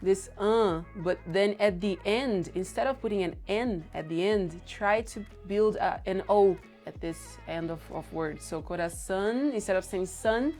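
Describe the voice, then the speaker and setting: Brazilian-accented young woman teacher, patient and deliberate, light background music. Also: mid-range voice, darkish tone. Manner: explains slowly, repeating example words. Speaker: Portuguese teacher. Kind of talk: language lesson.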